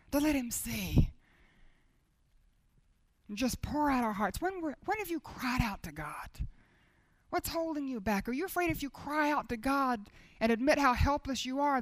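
At a Christian women's gathering, a high-pitched woman delivers a sermon with fervent intensity, pushing into loud, insistent appeals and then sinking to soft, near-whispered passages. The recording is dry and close, with no room sound or echo.

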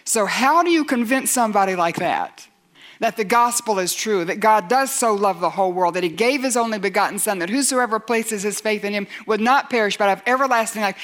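A woman preaching a sermon in an earnest way, acting out doubters' objections and building to forceful emphasis. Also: medium pitch, lively intonation, fairly quick.

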